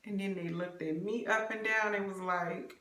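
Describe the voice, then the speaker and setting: Animated young woman telling a funny story. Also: mid-range voice, moderate pace. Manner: animated, laughing, confiding with viewers. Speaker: vlogger. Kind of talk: comic storytelling. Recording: roomy echo.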